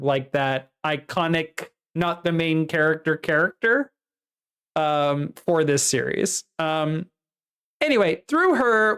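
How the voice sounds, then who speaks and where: A woman with a slightly low voice co-hosts a casual book podcast. She recaps the plot at length in a lively, chatty way. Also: smooth. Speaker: podcast co-host.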